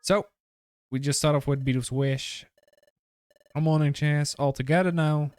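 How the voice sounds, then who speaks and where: A man's voice: fairly high pitch, steady tone, a little slow, darkish tone, clean tone, no room sound, faint music behind. A man streaming a game live, chatting casually with his viewers in a rambling way, full of fillers and restarts. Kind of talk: casual live-stream chat while gaming.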